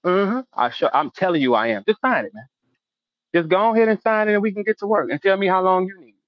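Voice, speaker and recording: A man's voice: high-pitched, fast talker, dry recording. Brash man talking trash, dull dry sound. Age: middle-aged. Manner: brash, repetitive, calling out a rival. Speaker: host. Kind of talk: animated trash talk in a casual interview.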